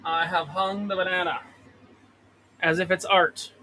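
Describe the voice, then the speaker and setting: High-pitched guy swearing at stock charts on his live stream from a trailer. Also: level tone, unhurried, bright, forceful tone, slight background noise, low-quality recording. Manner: profane, rambling, talks to the chart. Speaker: livestream host trading stocks. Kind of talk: casual live-stream chat. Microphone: desk mic with pop filter.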